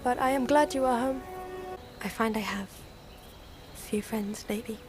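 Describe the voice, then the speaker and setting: A woman plays a lonely young queen in a film clip. Her voice is slightly high, soft and wistful. Clear music plays beneath her. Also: moderate pace, lightly acted.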